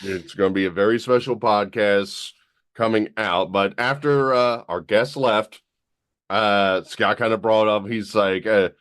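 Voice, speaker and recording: A man co-hosting a podcast, telling stories in a relaxed chatty way. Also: lowish voice, unhurried, no echo. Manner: storytelling, easygoing. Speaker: podcast co-host. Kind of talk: casual chat.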